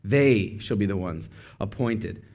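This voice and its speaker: A man preaching a casual, conversational sermon, full of asides and quick self-corrections. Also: on the low side, a little mellow. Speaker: speaker.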